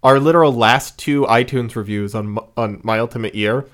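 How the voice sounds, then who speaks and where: A man's voice: mid-range voice, moderate pace, fairly bright tone. Rambling man on a podcast. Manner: rambling, filler-heavy, laughs often. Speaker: podcast co-host. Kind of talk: casual podcast chat.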